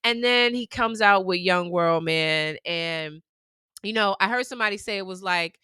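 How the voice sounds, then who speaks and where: A woman in her forties from New York co-hosts a casual podcast. Her voice is bright and crisp, and she slows into a drawl when she reminisces. The sound is dry and close on the mic. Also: mid-range voice, dry recording. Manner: animated storytelling, laughs often, drawls when reminiscing. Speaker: podcast co-host. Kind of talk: casual chat.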